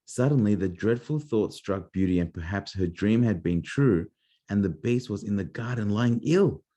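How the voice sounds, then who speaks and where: A man's voice: lowish voice, lively intonation, moderate pace, warm tone. A man reading a fairy tale aloud to his child as a bedtime story, playful and adding little asides.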